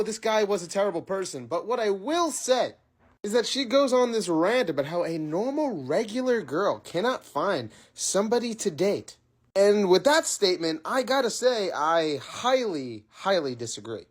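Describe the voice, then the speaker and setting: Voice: medium pitch, sing-song, moderate pace. A speaker giving casual, opinionated commentary.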